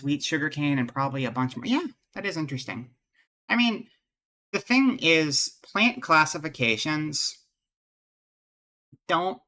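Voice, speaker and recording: Bright-voiced man rambling on stream. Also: mid-range voice. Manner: rambling and jokey, thinking aloud; greets viewers in chat. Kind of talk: casual live-stream chat.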